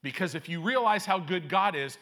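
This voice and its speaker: Pastor guy preaching, high voice, lots of ups and downs, takes his time. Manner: lively preaching, slow emphatic phrasing, reads scripture aloud. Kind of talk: sermon.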